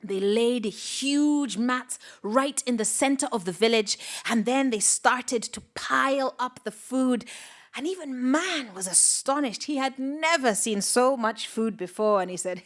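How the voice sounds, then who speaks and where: A woman storyteller telling a folktale live, dramatic and expressive, with sound effects and whispered asides. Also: a little high, unhurried.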